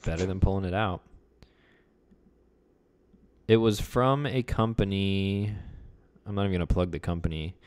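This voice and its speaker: Young man, podcast co-host, low pitch, smooth clean tone, laid-back, joking, casual chat. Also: moderate pace, long pauses, a little mellow.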